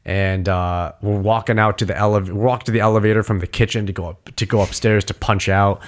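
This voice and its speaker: A young man from New England telling a story in animated, casual chat with frequent swearing. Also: lowish voice, fast talker.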